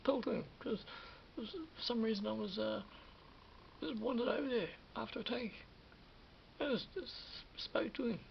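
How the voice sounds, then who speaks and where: A man's voice: very high-pitched, normal speed, creaky, pauses often, a little hiss or hum. A man of about fifty, telling a rambling personal story with restarts and sudden drops into a whisper. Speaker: vlogger recalling film work. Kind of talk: casual anecdotal monologue. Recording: dull lo-fi recording.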